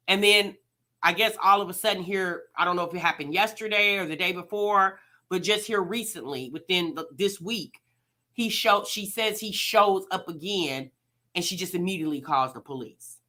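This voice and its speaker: A woman's voice: on the low side, moderate pace, sharp tone. A woman hosting a reaction vlog, talking casually to her viewers and firing off rhetorical questions. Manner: chatty, addresses viewers directly, rhetorical questions. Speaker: reaction channel host.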